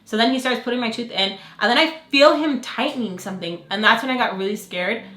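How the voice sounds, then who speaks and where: A young woman vlogger telling a story to the camera in a chatty, animated way, full of fillers. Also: on the high side, quick pace. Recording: echoey room.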